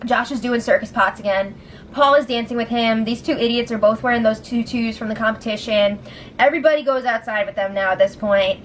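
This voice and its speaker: A woman recapping a reality show in casual chat, animated, laughing often and acting out what people said. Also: a little high, a little hiss or hum. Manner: animated, laughing, acts out quotes, swears. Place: room at home.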